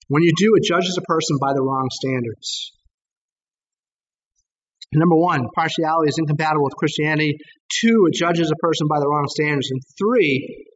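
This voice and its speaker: A man's voice: high voice, big-room sound, lo-fi sound, a little hiss or hum. A man preaching a sermon as pastor, with rising emphasis and rhetorical questions to the congregation.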